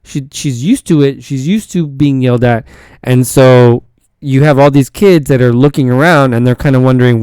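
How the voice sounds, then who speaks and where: A man's voice: medium pitch, moderate pace, a little mellow, smooth, no room sound, clean studio sound. A man who is a teacher and podcast host, telling a story in a rambling, casual way with many false starts and repeated words.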